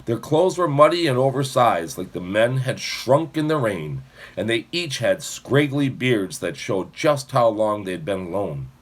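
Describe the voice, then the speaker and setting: Husky expressive male audiobook narrator. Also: mid-range voice, unhurried. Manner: expressive, shifting voices for characters.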